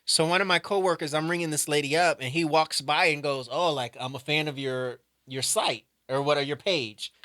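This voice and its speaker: A man's voice: a little high, normal speed, few pauses, dry recording, clean studio sound. A man co-hosting a comedy chat, jumping in with jokes and acted-out voices. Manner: animated, jumps in with jokes and quoted voices. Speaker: comedy podcast co-host.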